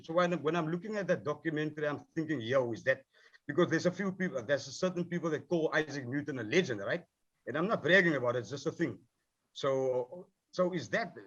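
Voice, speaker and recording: A man speaks heatedly about his craft, swearing freely and circling back over his points. His voice sits a bit high for a man. The sound is dull and muffled, as if it came over a video call. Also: fairly bright tone, slightly rough. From South Africa. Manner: passionate, profane, repeats himself. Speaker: rapper, film subject. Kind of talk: heated panel discussion.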